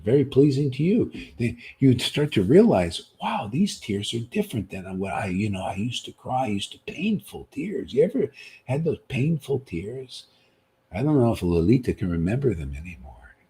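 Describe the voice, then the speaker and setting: A man's voice: medium pitch, mellow, slightly rough. A man giving a livestreamed sermon, preaching with many rhetorical questions and a repeated "see?", emphatic and sometimes scolding. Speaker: spiritual teacher.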